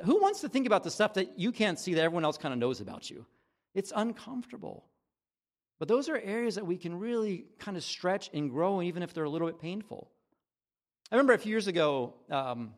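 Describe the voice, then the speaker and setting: A middle-aged man delivers a conversational sermon, his fairly high voice swinging widely up and down. He talks it through casually, acting out the dialogue in the stories he tells. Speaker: pastor.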